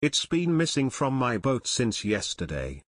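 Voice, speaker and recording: A man's voice: mid-range voice, huge pitch swings, measured pace, no room sound. A man voicing an upset young man from a farm who denies a theft. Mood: disbelieving. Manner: tense and upset.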